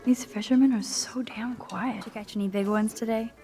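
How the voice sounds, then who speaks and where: A woman's voice: on the high side, fairly even intonation, a little fast, dark tone, soft background music, natural voice. A woman voicing a teenage girl, a small-town senior student in a video game, thinking aloud in wry asides. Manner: wry inner commentary, sometimes whispered.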